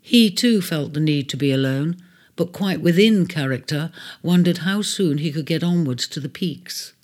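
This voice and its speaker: A storyteller in a gentle, measured reading of a storybook. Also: medium pitch. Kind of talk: storybook narration. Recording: faint music bed under the voice.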